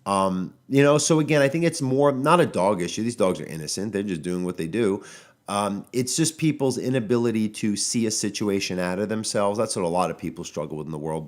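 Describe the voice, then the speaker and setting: A man hosting a podcast as a dog trainer, talking casually and getting exasperated, with many fillers and restarts. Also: fairly low pitch. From United States. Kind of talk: casual solo podcast monologue. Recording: audio-only podcast.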